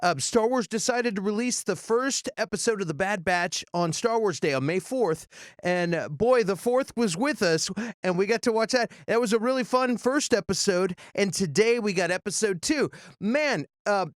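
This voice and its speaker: A man's voice: high voice, animated, moderate pace, no echo, clean studio sound. A man hosting a TV review show, chatting casually and recapping scenes while loosely acting out the lines. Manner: rambling, loosely acts out quotes in small voices.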